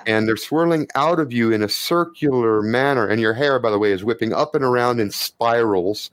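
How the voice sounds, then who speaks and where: A man's voice: mid-range voice, moderate pace, slight background noise. A man running a tabletop game as game master, narrating scenes vividly and casually. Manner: animated, vivid scene narration with frequent profanity.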